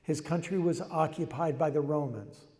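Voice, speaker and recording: A man's voice: fairly high pitch, normal speed, mellow. An older man giving a reflective, conversational public talk, often restarting his phrases. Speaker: speaker. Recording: long hall reverb.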